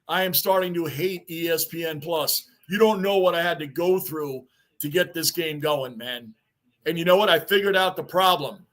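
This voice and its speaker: A man with a high voice hosts a live sports reaction stream. He talks in an excitable, rambling way, often repeating himself. He calls out greetings to viewers between bits of game commentary. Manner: rambling, chatty and repetitive. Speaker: livestream host.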